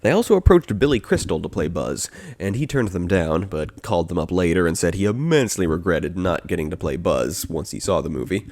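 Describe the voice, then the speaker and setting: A man with a low voice talks through a podcast in a chatty, wry way, cracking jokes and laughing at them. The sound is dry and close, with little room behind it. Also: expressive, fairly quick, darkish tone, no echo. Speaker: podcast host. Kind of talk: casual commentary.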